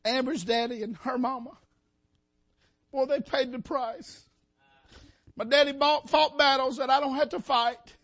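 A preacher man with a strikingly high, ringing voice and a bright, forceful edge. He preaches with passion, swelling and dropping as he calls out to his congregation from the pulpit. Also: steady tone, a little slow, pauses often. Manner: impassioned, rising and falling, calls out to the congregation. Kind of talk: sermon. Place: church sanctuary.

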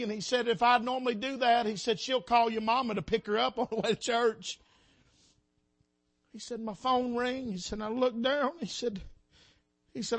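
A gravelly, very high-pitched male voice with fairly even intonation carries a church sermon at a moderate pace. The preacher is impassioned, his delivery rising and falling as he calls out to the congregation in the sanctuary.

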